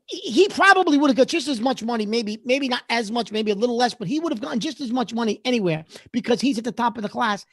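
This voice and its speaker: A man's voice: extremely high pitch, lively intonation, fast, hardly any pauses, a bit bright, no echo, clean studio sound. A man co-hosting sports talk radio, backing up his partner with emphatic, insistent points.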